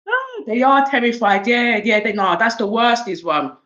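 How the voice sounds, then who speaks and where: This is a muffled recording of a fairly high-voiced woman from South East London, laughing and lively as she gives an oracle card reading in a casual livestream chat. Her talk is full of streetwise slang and swearing.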